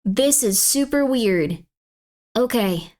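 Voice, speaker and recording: A woman's voice: a little high, lively intonation, slow, a little mellow. A woman streamer chatting casually on a livestream, rambling and playfully emphatic.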